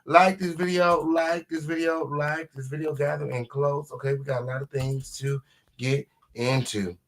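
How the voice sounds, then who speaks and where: A man hosting a casual live commentary stream at home, sassy and full of repeated drawn-out catchphrases. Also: on the high side, flat delivery, a bit bright. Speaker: livestream host.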